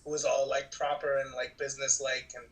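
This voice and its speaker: A man's voice: mid-range voice, flat delivery, a little fast, low-quality recording. A man co-hosting a podcast in casual chat, rambling and restarting as he works through his points. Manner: rambling, restarts and fillers while reasoning. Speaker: podcast co-host.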